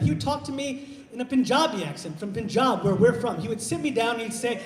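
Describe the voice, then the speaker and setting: A man from Iowa working a stand-up set with a fairly high voice, laid back and halting, leaning on little fillers as he goes. He speaks into a handheld stage mic, and the sound rings in a roomy hall with a long reverb. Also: animated. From Iowa, USA. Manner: halting, low-key delivery with many uh fillers. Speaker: stand-up comedian. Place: live comedy show in a hall.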